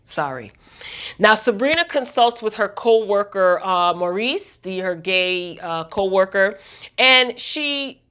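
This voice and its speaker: A woman's voice: mid-range voice, lively intonation, slow, pushed and bright, smooth. A woman vlogger recapping a TV episode in a casual, gossipy way, talking straight to her viewers.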